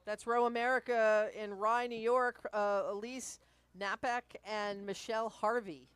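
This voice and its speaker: A woman with a somewhat high voice gives live rowing commentary, crisply reading out each boat's crew and club between remarks. Her delivery is brisk and informative, like an announcer working a race. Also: little pitch movement, no echo. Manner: brisk, reads out crews and clubs.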